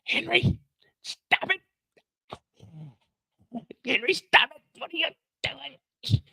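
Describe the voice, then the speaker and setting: A frightened young woman pleads and insists in a voice pushed far up high, crisp and bright, with a gravelly edge, as a man puts her on in a dry, close recording. She sounds cornered but keeps arguing her case. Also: animated, slow, dry recording, exaggerated voice. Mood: desperate.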